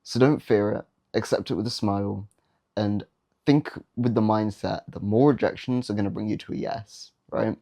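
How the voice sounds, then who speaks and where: A man's voice: on the low side, fairly even intonation, normal speed, creaky, dark tone. A young man giving dating advice in a casual, blunt, slangy monologue, often mocking the habits he warns against.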